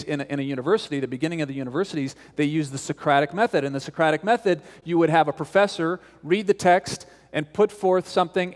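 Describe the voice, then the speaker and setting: Animated male pastor in a reverberant church. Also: a little high. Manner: animated storyteller, repeats words when restarting. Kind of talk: sermon. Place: large church sanctuary.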